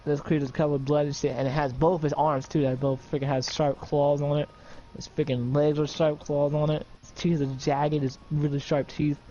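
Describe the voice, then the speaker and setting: A man's voice: fairly high pitch, flat delivery, moderate pace, warm tone, dull audio. A man improvising an adventure story for a friend in casual voice chat, rambling with lots of fillers and checking in with the listener.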